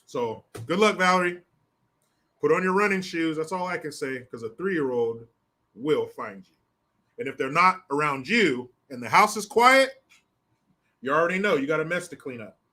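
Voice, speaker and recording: An older man hosting a solo commentary stream, talking in a profane, mocking and animated way. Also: fairly high pitch, moderate pace. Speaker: political commentary host.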